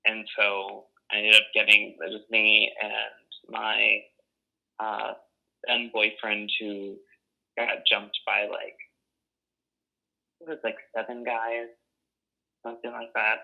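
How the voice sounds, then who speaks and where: A young man from Boston tells his stories casually, blunt and profane, with plenty of fillers. His voice sits low with a gravelly edge. It comes through a thin, phone-like line. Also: completely flat delivery, slow pace, pauses often. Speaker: oral history interviewee. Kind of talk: casual storytelling.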